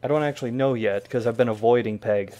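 A man's voice: medium pitch, fast, mellow. A man streaming a video game, talking to himself in a casual, wry way with joking asides. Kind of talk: casual gameplay commentary.

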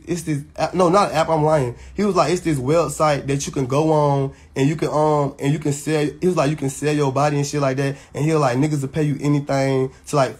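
Here a man with a fairly high, slightly rough voice rants directly to camera as a social media personality. He addresses his viewers heatedly and with emphasis, cursing and restarting again and again.

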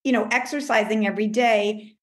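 A woman life coach talking in a casual interview, animated, acting out her own self-talk in a higher voice. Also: brisk, reverberant. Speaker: life coach, podcast guest.

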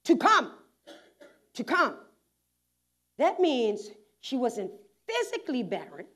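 Bermudian lady pastor preaching, high voice, goes quiet then shouts, church sermon. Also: slow pace. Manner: animated preaching, swings from quiet talk to loud shouts, laughing asides. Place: church sanctuary.

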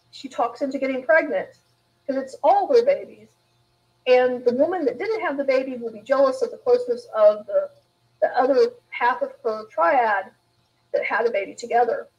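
A woman's voice: sits high, lo-fi sound. A woman author in a live interview, telling candid stories in a rambling way with frequent restarts. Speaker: author guest.

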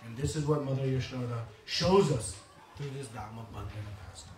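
A man preaching a devotional storytelling lecture in an animated way, acting out voices and laughing often, heard from a distance in an echoey room. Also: medium pitch, a little fast, a little hiss or hum.

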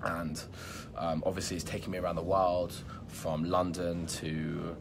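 A magician hosting a live stream, reading viewer comments aloud in casual, upbeat chat and hyping the audience, with lots of "um" and "like.". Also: male voice, low-pitched, flat delivery, measured pace, creaky, background noise. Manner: upbeat, hypes viewers, many fillers like "um" and "like". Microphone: phone or laptop live stream.

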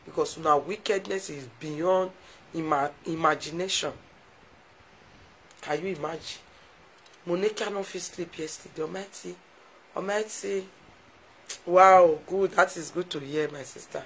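A woman's voice: on the low side, measured pace, pauses often, slight background noise, rough recording. Effusive Nigerian woman live-streaming. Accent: Nigerian Pidgin English. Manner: effusive, thanks viewers warmly and often; emotional, heartfelt. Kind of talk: casual live-stream chat to viewers.

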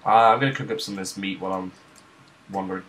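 A man's voice: sits low, fairly even intonation, fast talker, a bit bright, a little hiss or hum. A man chatting casually during a co-op game, jokey and teasing. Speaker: gaming host. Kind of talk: casual gaming chat.

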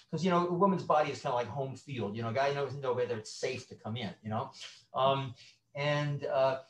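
A middle-aged man, a sex therapist, talking as a guest in an interview, animated and acting out quotes with many restarts. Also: fairly high pitch, moderate pace. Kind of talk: conversational interview. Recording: roomy echo.

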